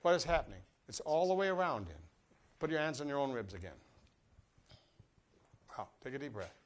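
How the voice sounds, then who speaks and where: A man's voice: mid-range voice, very animated, a little fast. An older man teaching a brass master class, leading students through breathing exercises with jokes and direct coaching. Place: classroom or rehearsal room with a live audience.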